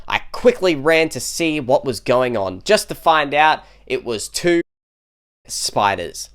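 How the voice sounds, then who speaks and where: A man's voice: medium pitch, expressive, takes it slowly, a bit bright. A man co-hosting a comedy show, reading online posts aloud in a casual way, with laughs and jokey asides. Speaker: co-host reading online stories.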